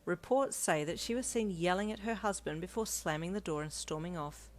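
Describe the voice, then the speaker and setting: A woman's voice: on the low side, fairly quick, a little mellow, close to an everyday voice. A gossipy TV news reporter teasing a scandal, as a woman reads her in a storybook. She leans into each line with dramatic, headline-style emphasis. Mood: sensational.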